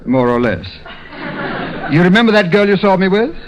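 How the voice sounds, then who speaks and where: This British man's voice sits high and he's very animated, though his pace stays moderate. As a radio comedy guest in the studio, he exchanges dry, rueful, self-deprecating banter, and the sound has the dull quality of a 1930s radio broadcast.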